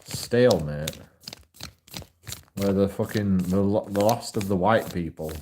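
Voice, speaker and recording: A man's voice: low voice, slow, background noise. A man rambling through a profane monologue to camera, repeating himself often. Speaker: vlogger.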